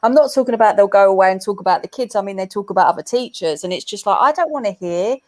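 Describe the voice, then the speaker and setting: A woman's voice: mid-range voice, animated, fast. Chatty woman on a livestream. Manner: chatty, storytelling. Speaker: teacher and guest. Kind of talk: casual chat.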